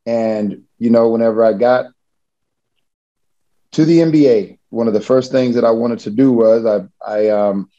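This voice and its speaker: Mellow-voiced man telling a story. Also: mid-range voice, moderate pace, muffled recording. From Missouri, USA. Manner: casual, chuckling, many restarts. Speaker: interviewee. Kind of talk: storytelling interview.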